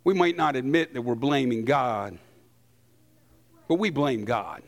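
A man preaching a sermon, emphatic, acting out quotes and pausing for effect. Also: mid-range voice, lively intonation. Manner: emphatic, acts out quotes, dramatic pauses.

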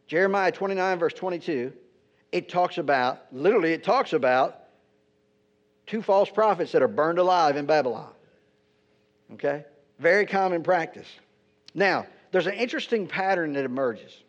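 High-voiced conversational preacher. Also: male voice, normal speed. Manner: conversational, keeps asking "right?". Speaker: pastor. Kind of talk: teaching sermon. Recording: dull lo-fi recording.

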